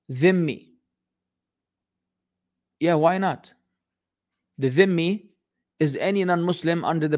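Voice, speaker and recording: A man hosting a casual question-and-answer session, blunt and exasperated, joking around and dropping Arabic phrases into his talk. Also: on the high side. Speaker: host answering viewer questions. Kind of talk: casual live Q and A.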